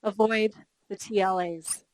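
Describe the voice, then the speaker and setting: Her voice mid-range and her pace measured, a middle-aged woman runs a live workshop training people in customer service. She tells animated stories and questions the room, all captured on a dry, rough recording.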